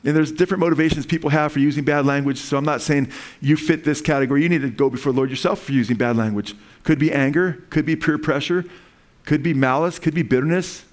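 A middle-aged man preaching a sermon, talking to listeners in an earnest, conversational way and rising in pitch when he quotes scripture.

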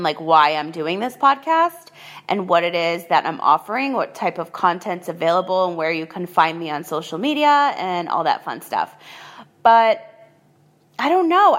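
A woman's voice: medium pitch, a bit bright. A woman hosting her own podcast, talking casually and upbeat from her kitchen, full of "like" and "um", recorded on a phone. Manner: chatty, upbeat, filler-heavy with frequent "like" and "um". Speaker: podcast host. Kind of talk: casual solo podcast monologue. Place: home kitchen.

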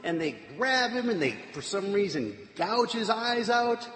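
A man's voice: sits high, animated, measured pace, a bit bright. A man casually retelling a scripture story with chatty, wry asides. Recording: echoey hall, faint room noise.

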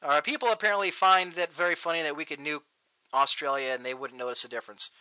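A man hosting a show, ranting loudly and profanely in a mocking tone, recorded on dull lo-fi audio. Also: a little high, fast, no room sound. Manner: loud, profane, mocking rant. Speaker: podcast host. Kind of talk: ranting comedic talk show.

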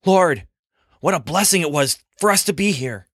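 A man's voice: medium pitch, expressive, unhurried, fairly bright tone, dry recording, studio quality. A man voicing an impulsive, earnest adult male disciple in a storybook reading, speaking in an emphatic, blurting way. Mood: eager.

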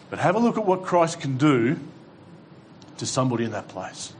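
A man's voice: mid-range voice, lively intonation, normal speed, a little hiss or hum. A male pastor preaching a sermon to a congregation, fervent and exhorting, with dry humorous asides. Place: church hall with congregation.

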